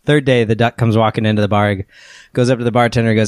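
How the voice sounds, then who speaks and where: Easygoing podcast host, low voice. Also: male voice, fairly even intonation, very fast, no echo, clean studio sound. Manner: easygoing, tells jokes with a laugh. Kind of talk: casual chat.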